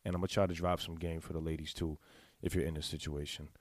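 A man in a casual, candid monologue, talking straight to his viewers in blunt, profane slang and clearing his throat now and then. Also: extremely low pitch, little pitch movement, fast, no room sound. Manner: confessional, speaks to the audience directly. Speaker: vlogger giving sex advice.

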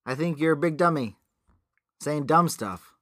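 A man's voice: a little high, expressive, a little slow, fairly bright tone, no room sound, studio quality. A man co-hosting a podcast, reviewing a movie in casual banter with a crude, sarcastic, blunt manner. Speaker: podcast co-host.

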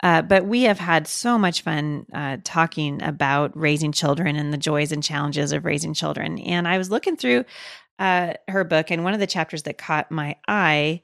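A woman's voice: low voice, normal speed, gravelly, a bit bright, dry recording. A middle-aged woman hosting a podcast in a studio, chatting casually with fillers and frequent laughs. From Oregon. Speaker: podcast host. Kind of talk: casual chat. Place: recording studio.

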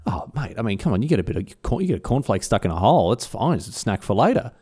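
A man co-hosting a podcast, telling stories in casual chat and jumping into high mock voices. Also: fast, slightly rough. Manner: animated storyteller, jumps into high mock voices. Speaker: podcast co-host.

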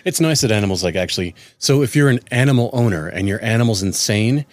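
A man in his thirties chats fast on a podcast, his voice sitting a little low and recorded dry and close. He tells stories with lots of animation, bouncing into quoted voices along the way. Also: no room sound. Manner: animated storyteller, acts out quotes. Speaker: podcast co-host. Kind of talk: casual chat.

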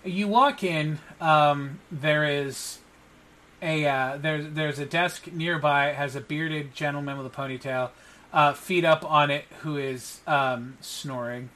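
A man narrating as game master of a tabletop role-play, pausing often with ums and uhs. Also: fairly high pitch, steady tone, pushed and bright. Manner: halting, many ums and uhs.

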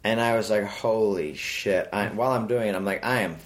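Man, lowish voice, podcast co-host, crude joking banter. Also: steady tone, moderate pace. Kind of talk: casual comedic chat.

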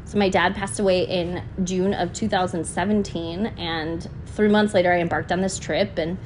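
A woman hosts her own podcast in a relaxed, open-hearted way. She speaks earnestly and is quick to be moved, and she scatters "you know" through her sentences. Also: fairly low pitch, a little hiss or hum. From United States. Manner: heartfelt and earnest, often emotional, many "you know" fillers. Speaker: podcast host. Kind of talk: casual podcast monologue.

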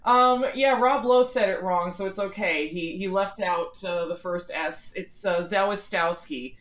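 Speaking at a measured pace with fairly even intonation, this medium-pitched woman is an interview guest on a phone call. She's in her forties, from the Philadelphia area in the USA, and her conversational answers are chatty, frank, self-deprecating and full of fillers.

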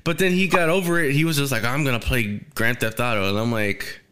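A man's voice: mid-range voice, fairly quick, sharp tone, smooth. A young man telling a rambling, crude story in casual podcast chat, swearing and laughing often. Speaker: storyteller guest.

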